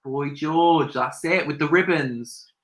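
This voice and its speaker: A young woman hosting a live makeup tutorial, bubbly and excitable, chanting catchphrases to her viewers. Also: deep voice, slow. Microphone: webcam on a livestream.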